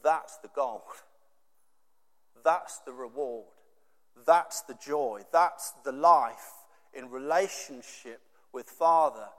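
A man preaching a sermon, emphatic and repetitive, with dramatic pauses. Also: mid-range voice, fairly bright tone, long reverb tail.

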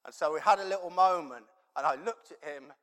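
A man's voice: on the high side, fairly quick, a bit bright. A man preaching a sermon and telling a personal story in a conversational, rambling way, with many fillers. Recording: long reverb in a large hall.

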